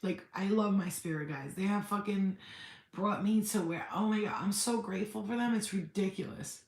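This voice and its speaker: A woman's voice: mid-range voice, normal speed, reverberant. A woman hosting a spiritual livestream, chatting candidly, swearing freely and answering viewer comments. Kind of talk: casual livestream chat.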